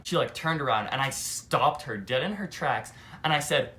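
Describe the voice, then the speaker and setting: Young man telling an animated story. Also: a little high, a little fast. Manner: animated, heavy use of "like". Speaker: vlogger. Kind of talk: casual storytime monologue.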